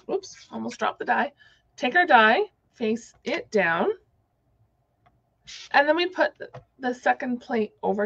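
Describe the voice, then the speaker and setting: A woman's voice: a little high, fairly bright tone, muffled recording. A woman giving a casual, chatty crafting tutorial, thinking aloud as she works. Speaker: card-making demonstrator.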